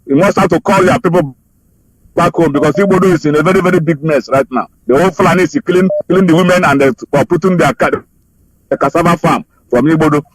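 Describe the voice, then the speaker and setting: A man's voice: a little high, fast, dry recording, poor audio. A man calling in to a radio show, speaking with urgent, fervent repetition. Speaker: caller. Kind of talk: phoned-in radio appeal.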